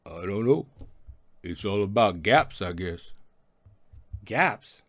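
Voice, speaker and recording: A plain-spoken young boxer, as a preacher acts him out, talks in low, halting mumbles. The voice drops lower and sounds rougher than the speaker's own. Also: male voice, animated, a bit bright, dry recording, heavily acted. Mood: shy, halting. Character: slow-talking young male boxer, shy and plain-spoken.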